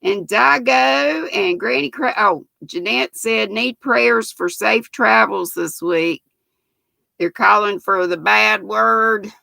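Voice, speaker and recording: Southern woman in her sixties, livestream host: gravelly, bright-toned voice, folksy and chatty. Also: mid-range voice, slow, no room sound. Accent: Southern American. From North Carolina, US. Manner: folksy and chatty, greets viewers by name. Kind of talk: casual live chat, reading viewer comments aloud.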